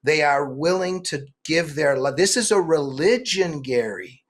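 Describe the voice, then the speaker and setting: Middle-aged male guest author; animated, restless storyteller with a slightly raised voice. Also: fairly high pitch. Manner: animated storytelling, many quick restarts. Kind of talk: political interview.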